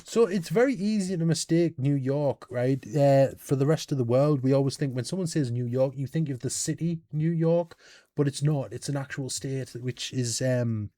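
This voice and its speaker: A British man hosting a casual reaction video, animated and thinking out loud with questions and exclamations. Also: medium pitch, normal speed, no room sound. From United Kingdom.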